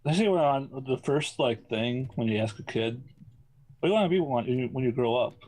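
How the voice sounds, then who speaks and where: A man's voice: mid-range voice, expressive, fairly quick, a little mellow, poor audio. A man running a tabletop game as game master, explaining rules with wry, playful asides.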